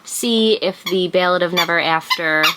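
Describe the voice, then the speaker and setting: A young woman in her twenties films a casual reading vlog at home, gushing about books and talking to her pet mid-sentence. Her voice is on the low side at normal speed, with heavy background noise.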